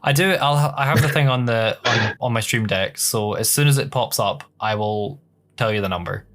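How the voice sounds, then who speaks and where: A young Scottish man, the show's regular host, now answering questions in a candid, casual chat, laughing often and filling pauses with "um". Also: fairly low pitch, fairly bright tone. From Scotland. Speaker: podcast host being interviewed.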